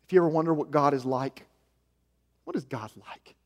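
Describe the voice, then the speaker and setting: Emphatic male pastor with a high voice, from Arkansas, sermon in a big echoing sanctuary. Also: moderate pace. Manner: emphatic, swings from hushed to loud, repeats key lines. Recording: long reverb of a large hall.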